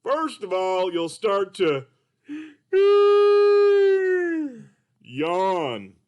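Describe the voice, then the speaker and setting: A man voicing a high chirpy sleepy dolphin puppet. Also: takes it slowly, dull audio, exaggerated voice. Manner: bright, excitable, drowsy drawl.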